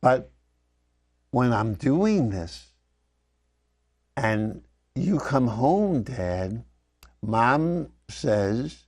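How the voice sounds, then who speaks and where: Slow, reflective older man recounting memories. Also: mid-range voice, big pitch swings. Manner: slow, reflective, often dropping softly. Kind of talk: personal storytelling addressed to his father. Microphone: wired microphone.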